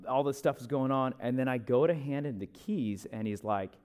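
A young man, a pastor, telling a chatty, animated story from the pulpit, with asides to the listeners. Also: medium pitch, moderate pace, clean tone. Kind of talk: storytelling sermon.

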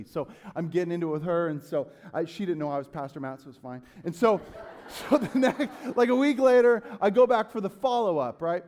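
A male pastor tells a personal story during his sermon. His voice sits a little high, and he acts out his own outbursts loudly and with animation. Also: fairly quick.

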